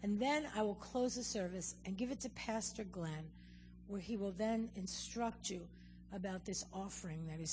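Lady preacher telling stories in a sermon, acts out the quotes, long echo from the church hall. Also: medium pitch. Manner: animated storyteller, acts out quotes. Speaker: guest preacher. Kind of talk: sermon with storytelling.

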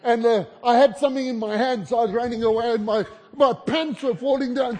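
His voice very high and darkish, fairly quick with fairly even intonation, a South African man preaches a humorous guest sermon in his accent. He tells stories conversationally and teases the audience, recorded with long large-hall reverb and a little hiss or hum.

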